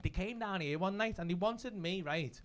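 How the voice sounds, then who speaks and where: A young adult man with a Liverpool accent, telling a comedy story in casual chat, animated and sweary, laughing often. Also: sits high, moderate pace. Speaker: stand-up comedian.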